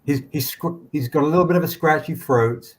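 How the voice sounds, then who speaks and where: A man narrating as game master in a tabletop game, rambling with frequent restarts. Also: on the high side. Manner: rambling, halting, many restarts.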